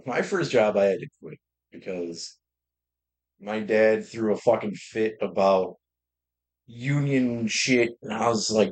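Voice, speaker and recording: A young man chats casually while streaming a game, rambling through stories and swearing freely. His voice sits a little low. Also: takes it slowly. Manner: profane, rambling storytelling. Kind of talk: casual livestream chat while gaming.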